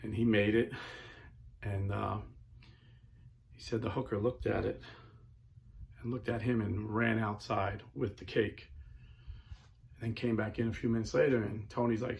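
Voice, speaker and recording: A man hosting a Catholic talk show, telling stories in a casual, animated way. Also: fairly low pitch, a little slow, vocal fry, pauses often. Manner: animated storyteller, casual with filler words. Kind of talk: storytelling talk.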